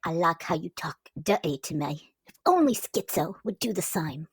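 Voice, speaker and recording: A woman's voice: fairly low pitch, expressive, moderate pace, husky, no echo. A woman voicing a dazed, strung-out drug-using woman who drawls breathily.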